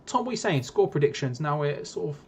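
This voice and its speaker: A man's voice: fairly high pitch, expressive, fast talker, breathy edge. Chatty man plugging his channel. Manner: chatty, upbeat self-promotion. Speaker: watch-along co-host and podcaster. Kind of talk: casual live stream chat.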